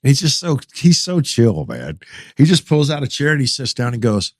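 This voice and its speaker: A man's voice: mid-range voice, sing-song, fairly quick, dry recording, studio quality. A middle-aged man, a pastor, telling a story in casual, slangy podcast talk.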